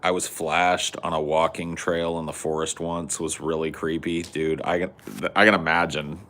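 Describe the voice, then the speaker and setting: A man's voice: rumbling low, flat delivery, normal speed, fairly bright tone. A man hosting a podcast in casual chat, joking, swearing a lot and laughing often. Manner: profane, jokey, laughs often. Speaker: podcast host.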